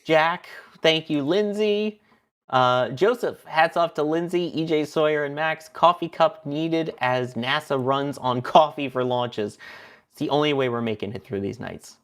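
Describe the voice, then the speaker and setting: A man's voice: fairly high pitch, measured pace, a bit bright. A man co-hosting a livestream, chatty and punning, reading viewer messages aloud. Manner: chatty, punning, laughs often. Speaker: co-host.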